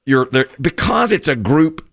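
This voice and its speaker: A man's voice: fairly high pitch, measured pace, gravelly, husky, dry recording, studio quality. A man hosting a radio show, chatting casually with his co-host, teasing and laughing as he tells stories. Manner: laughing, teasing, lively storytelling. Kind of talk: casual morning radio chat. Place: radio studio.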